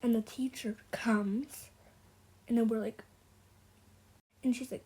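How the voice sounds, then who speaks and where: A woman's voice: on the high side, steady tone, slow pace, mellow, far from the mic. A young female vlogger chatting through a story while getting ready for bed, full of "like"s and quoted dialogue. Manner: chatty, many "like"s, quotes her friends in dialogue. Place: bathroom then bedroom at home. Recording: echoey room with background noise.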